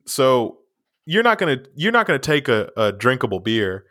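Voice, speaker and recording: Bright, lively young man joking around. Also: medium pitch, normal speed, no echo, clean studio sound. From raised in the countryside. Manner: animated, joking, laughs often. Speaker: podcast co-host. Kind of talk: casual banter podcast.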